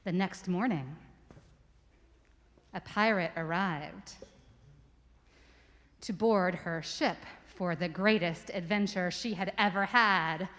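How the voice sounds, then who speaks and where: A woman in a church telling a children's story to the congregation, lively and stopping to ask listeners questions. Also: on the low side, slow, pauses often, long reverb tail. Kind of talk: story for all ages told aloud to a congregation. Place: church sanctuary.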